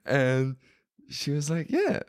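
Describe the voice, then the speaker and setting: Brief: low-voiced male guest, chatty storyteller, loose and filler-heavy. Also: moderate pace. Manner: rambling, filler-heavy, acts out quotes. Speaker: podcast guest. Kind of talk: casual storytelling.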